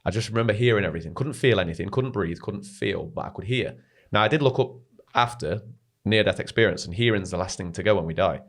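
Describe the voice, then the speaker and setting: A young man rattles through a personal story at a quick clip. His voice sits on the low side, and his talk is loose and animated, with "mate" and the odd swear word thrown in. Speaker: podcast guest. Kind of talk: casual storytelling.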